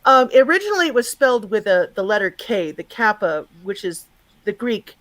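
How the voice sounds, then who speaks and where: A woman's voice: mid-range voice, sing-song, normal speed, a bit bright, low-quality recording. A woman guest chatting casually on a video call, explaining things in a digressive, talkative way with lots of fillers. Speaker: guest, magazine and radio presenter. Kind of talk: casual chat, explaining word history.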